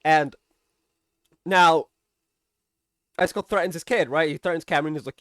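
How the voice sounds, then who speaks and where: Chatty man with a higher voice, dry sound. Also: animated, moderate pace, long pauses, a bit bright, dry recording. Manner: chatty, keeps asking "right?", swears casually, laughs often. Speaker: TV episode reviewer. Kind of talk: casual recap and commentary.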